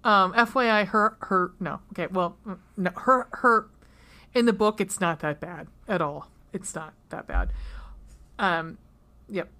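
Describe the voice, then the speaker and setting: A woman's voice: medium pitch, measured pace, pushed and bright. Rambling, foul-mouthed woman podcaster. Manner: rambling, profane, laughs often. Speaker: podcast co-host. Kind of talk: casual chat comparing book and movie.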